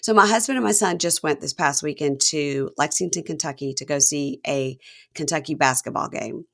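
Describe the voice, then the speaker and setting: A woman in her forties hosts a podcast in a chatty, easygoing way. Her voice sits a little low for a woman. She laughs often between stories. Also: normal speed, vocal fry. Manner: chatty, laughing, tells family anecdotes. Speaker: podcast host. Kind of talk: casual podcast chat.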